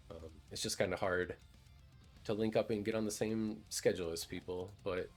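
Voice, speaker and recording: A man streaming a game, chatting casually in a laid-back, joking way, swearing freely. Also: fairly low pitch. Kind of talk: casual gameplay commentary.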